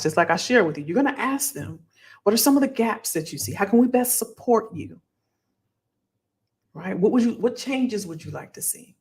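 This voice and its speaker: Woman, live-stream career coach, chatty and upbeat, roomy echo. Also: lowish voice. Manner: lively, encouraging, talks to the audience as "y'all". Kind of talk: live stream Q&A, casual advice.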